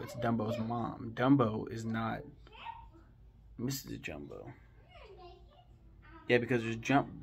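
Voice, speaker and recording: A man's voice: medium pitch, vocal fry, breathy edge. A man hosting a casual film commentary from home, rambling and swearing freely between lots of ums, with the eager tone of a fan. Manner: rambling and profane, with frequent ums; enthusiastic fan tone. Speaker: movie review host. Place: home with kids nearby.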